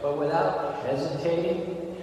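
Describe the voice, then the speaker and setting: Animated preacher man in an echoey hall. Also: fairly high pitch, unhurried, recorded from a distance, a little hiss or hum. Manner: animated, rhetorical questions. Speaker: temple preacher. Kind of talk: sermon. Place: temple hall.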